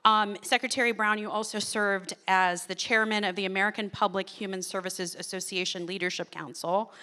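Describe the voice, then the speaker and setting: A woman's voice: medium pitch, fairly even intonation, brisk, bright, forceful tone, clean tone. A woman moderating a conference panel on stage, chatty, with frequent ums and small laughs. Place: conference stage before an audience.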